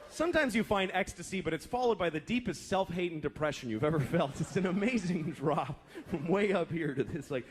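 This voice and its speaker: A stand-up comedian in his thirties runs through a profane, exasperated routine, acting out voices. He talks briskly with few pauses, his fairly high voice animated. The live club recording is noisy.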